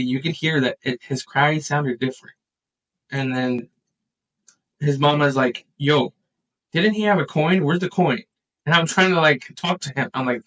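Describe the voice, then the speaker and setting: A man in a casual podcast chat, telling a family story with lively acted-out quotes. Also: a little high, distant mic, poor audio. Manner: animated storyteller, acts out quotes.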